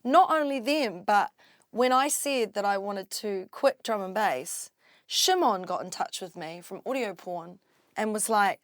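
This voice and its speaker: A woman from New Zealand with a New Zealand accent, a drum and bass MC telling her story in an interview, halting, with many restarts and fillers. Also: animated, no room sound, studio quality. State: tearful at times. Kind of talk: candid interview talk.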